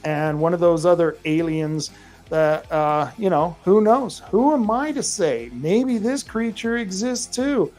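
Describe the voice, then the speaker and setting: A man's voice: sits high, unhurried, a little mellow, faint music behind. A male podcast host with a rural American accent, talking casually to listeners in a rambling way full of fillers and restarts.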